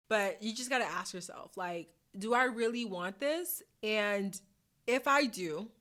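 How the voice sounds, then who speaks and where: Bright-voiced sassy woman podcaster. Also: mid-range voice. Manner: chatty, playful, sassy slang, laughs often. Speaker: podcast host. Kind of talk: casual motivational talk to camera. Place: hot room at home. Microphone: camera mic.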